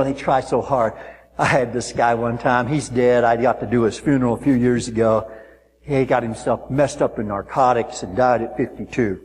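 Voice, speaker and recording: Animated preacher man in a reverberant hall. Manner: animated storytelling, mimics people in high voices. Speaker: pastor. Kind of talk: sermon. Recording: long reverb of a large hall.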